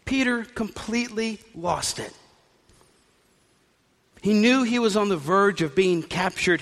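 Male pastor, slightly high voice, animated storytelling sermon, recorded with long hall reverb.

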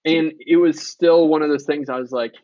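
A man's voice: a little high, fairly even intonation, normal speed, darkish tone, no echo, dull audio. A man in his thirties, an author and podcast guest, telling candid stories in a casual conversation, with frequent profanity and quoted dialogue.

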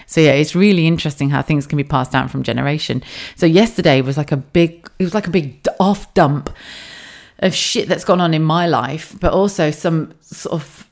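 A low-pitched woman with an English accent talks through a casual solo podcast from her home office. She is chatty and open, drops swear words freely, and often breaks into laughs. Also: moderate pace, darkish tone. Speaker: podcast host.

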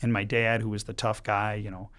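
A middle-aged man from Michigan, a priest guest, telling stories in a lively way with quick bursts and many restarts. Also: lowish voice. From Michigan, United States. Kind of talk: casual storytelling chat.

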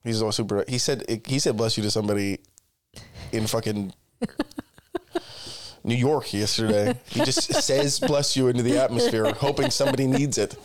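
A man's voice: mid-range voice, lively intonation, moderate pace, long pauses. A young man co-hosting a podcast, chatting casually with a crude, joking manner and plenty of swearing. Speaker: podcast co-host. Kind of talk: casual chat.

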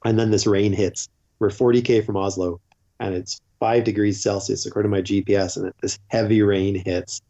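A man who is a podcast guest, telling lively anecdotes in casual chat and swearing freely. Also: on the low side, a little fast. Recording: dull lo-fi podcast audio.

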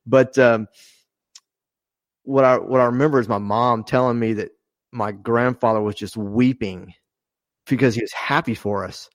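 A middle-aged man, a former fighter pilot, talking earnestly and haltingly on a podcast, with many pauses and restarts. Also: mid-range voice, fairly even intonation, dry recording. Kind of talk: casual podcast conversation.

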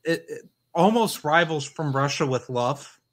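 A man's voice: fairly high pitch, lively intonation, measured pace, a bit bright. Blunt man reviewing a film. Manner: blunt, dismissive quips. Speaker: podcast co-host. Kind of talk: casual film review chat.

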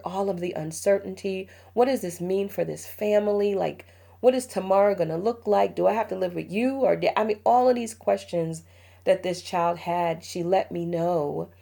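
Woman, middle-aged, podcast host, lowish voice, vocal fry, emotional storytelling. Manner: warm storytelling, emotional, laughs often. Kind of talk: heartfelt parenting podcast talk.

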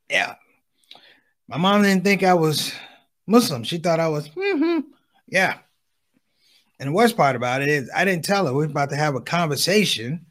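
A middle-aged man performing stand-up, his voice high and full of swings up and down. He slips in and out of impressions of his mother and father as he tells the story. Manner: animated, acts out voices of his parents. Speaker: stand-up comedian.

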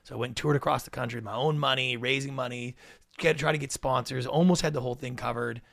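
A middle-aged man, a podcast guest, telling his story in an animated way and acting out what people said. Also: mid-range voice, fast talker, creaky, no room sound, studio quality. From Canada. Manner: animated, acts out quotes. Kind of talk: storytelling interview.

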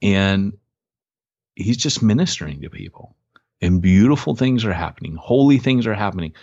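A man on a podcast tells a story in an easy, chatty way, and he jumps up into a higher voice when he quotes people. His voice sits low. The sound is dry and a little dull. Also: lively intonation, normal speed, a little mellow, dry recording. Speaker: podcast co-host, church planter. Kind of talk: casual storytelling chat.

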